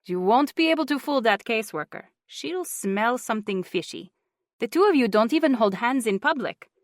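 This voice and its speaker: A woman's voice: a little high, expressive, normal speed, no room sound, studio quality, voice pushed up, lightly acted. A woman narrator voicing a bossy older aunt who lectures bluntly and insists on getting her way. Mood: insistent.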